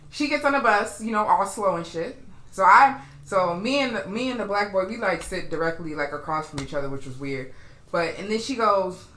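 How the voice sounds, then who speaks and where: A young adult woman co-hosting a podcast, telling a story in an animated, profane way, getting loud when she acts out quotes. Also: medium pitch, echoey room. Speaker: podcast co-host. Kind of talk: casual storytelling chat.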